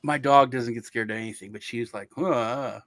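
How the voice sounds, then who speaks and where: A man's voice: medium pitch, fairly even intonation, brisk, fairly bright tone, dry recording. Male host, rambling casual storyteller, dry close recording. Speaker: crypto show host. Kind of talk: casual chat.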